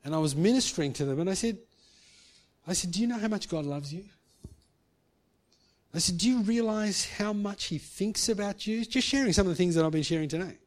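A man's voice: high voice, brisk, long pauses, darkish tone. A man preaching a sermon, earnest, acting out quoted speech and rising to emphatic peaks. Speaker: pastor.

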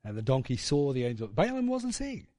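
A man's voice: mid-range voice, wildly swooping pitch, a little fast, dark tone, no room sound. A man preaching a sermon in a casual storytelling way, with fillers and tag questions.

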